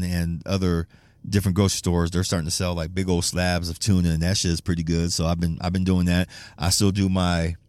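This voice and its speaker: A man's voice: low voice, a little mellow, smooth, no echo. A man hosting a casual solo podcast, rambling and swearing, laughing often and restarting his sentences. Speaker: podcast host.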